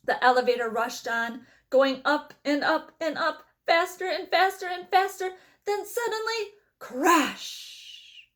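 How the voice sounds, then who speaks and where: A woman reading a children's novel aloud with expressive storytelling. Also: high voice, slow. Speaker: reader.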